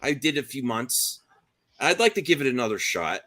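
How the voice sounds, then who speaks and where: A man's voice: medium pitch, sing-song, normal speed, pushed and bright. A man hosting a casual livestream chat with friends, rambling, restarting often and laughing a lot. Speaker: stream host.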